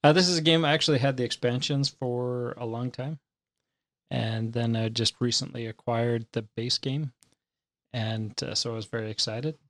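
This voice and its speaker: A man's voice: medium pitch, fairly even intonation, normal speed, a bit bright, dry recording. Joking guy on a game podcast, playful banter, mid voice, dead dry sound. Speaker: podcast co-host. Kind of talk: casual chat about board games.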